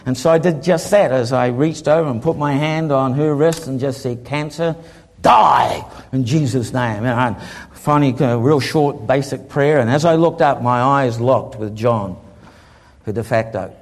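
A man preaching, telling a humorous story and acting out the people in it in a lively way. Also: medium pitch, moderate pace. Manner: lively, humorous, acts out the people in his stories. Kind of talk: sermon storytelling.

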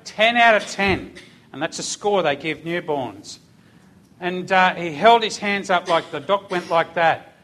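Older Australian man, church testimony, animated storytelling, fairly high voice. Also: measured pace. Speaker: police officer giving testimony.

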